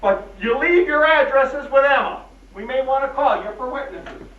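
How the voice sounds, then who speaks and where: A man's voice: extremely high pitch, animated, normal speed, a little hiss or hum. An actor playing a dry, mocking small-town sheriff in an old film, drawling his lines. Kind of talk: 1940s film acting. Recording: echoey, distant, dull old film soundtrack.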